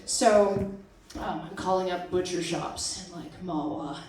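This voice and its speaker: A woman's voice: on the low side, fairly even intonation, a little slow, a crowd in the background. A young woman performing a self-deprecating stand-up set at a small arts venue, laughing at her own jokes. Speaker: stand-up comic. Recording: echoey room, distant mic, audience laughter.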